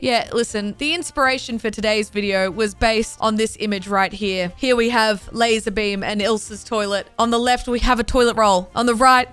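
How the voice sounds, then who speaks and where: A young woman in her twenties, talking in a casual comedic vlog, animated and exasperated, acting out her own reactions. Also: fairly high pitch, moderate pace, hardly any pauses, clean tone, soft background music. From Australia. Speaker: vlogger.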